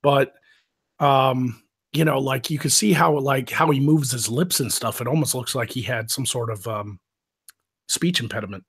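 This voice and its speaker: Here a live-stream host with a gravelly, breathy mid-range voice talks at normal speed. His casual chat is loose storytelling, peppered with cursing and frequent laughs.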